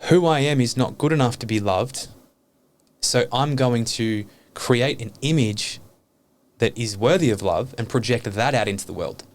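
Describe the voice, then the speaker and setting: Guy on a podcast, fairly low voice, real open and earnest, swears now and then, faint hum behind. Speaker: podcast guest. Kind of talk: reflective podcast conversation.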